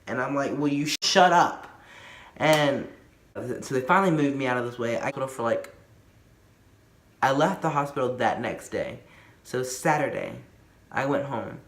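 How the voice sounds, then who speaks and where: A man's voice: mid-range voice, moderate pace, pauses often, fairly bright tone, reverberant. A man telling a casual storytime, rambling with lots of fillers and restarts. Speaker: vlogger.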